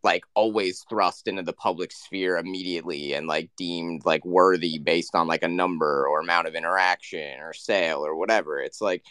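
A man's voice: sits low, moderate pace, hardly any pauses, a bit bright, smooth, dry recording. A man hosting a casual podcast, speaking in loose phrasing full of fillers. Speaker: podcast host.

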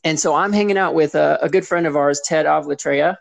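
A man's voice: a little high, fairly quick, vocal fry, dry recording. A man who performs as a sports mascot, telling a story in casual chat and animatedly acting out other people's lines. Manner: animated, acts out others' voices in quotes.

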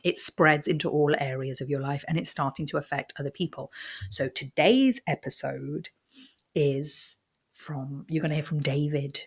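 A woman hosting her own podcast in a chatty, rambling way, talking fast with lots of fillers and restarts. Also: sits low, husky. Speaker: podcast host. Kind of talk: casual solo podcast talk.

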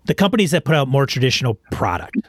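Relaxed rambling man, dry close sound. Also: mid-range voice, racing, breathy edge, dry recording. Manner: rambling, relaxed, restarts often. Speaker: podcast host. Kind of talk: casual chat.

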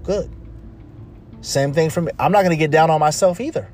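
With faint music behind him, a man hosts a podcast in a slightly high, somewhat mellow voice at a fairly quick pace. His casual motivational monologue is emphatic and repetitive, full of restarts and rambling.

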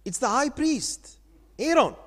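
A man's voice: very high-pitched, expressive, a little slow, fairly bright tone. A male pastor preaching a sermon, reading scripture and asking the congregation questions as he teaches. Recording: church hall reverb.

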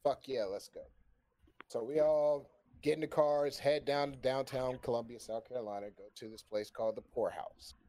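This storyteller on a stream speaks at a normal speed with a medium-pitched voice. Spinning a long, casual yarn, he curses freely, stays lively, and keeps breaking into laughter.

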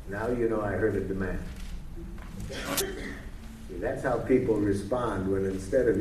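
A man leading a live workshop in a playful, deliberate, coaxing way, recorded in an echoey room from a distance. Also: on the low side, mellow. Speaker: workshop leader. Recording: echoey room from far off, faint noise.

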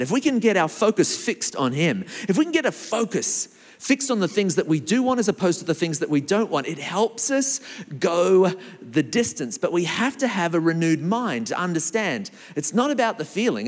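A man preaching a sermon as pastor, lively and animated, with big swings in his delivery. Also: high voice, normal speed. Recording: long hall reverb.

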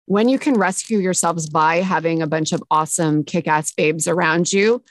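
A woman's voice: fairly low pitch, normal speed, no echo. Upbeat, sassy woman podcast host. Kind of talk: casual chat.

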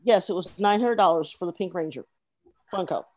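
A woman co-hosting a podcast in casual chat, sharing convention stories with quick asides. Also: lowish voice, lively intonation, darkish tone. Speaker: podcast co-host.

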